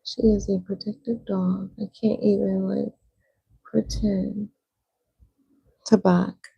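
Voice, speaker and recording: A woman's voice: medium pitch, level tone, slow, vocal fry, warm tone, husky, lo-fi sound. A young woman livestreaming, chatting casually while she paints, rambling with lots of "like" fillers.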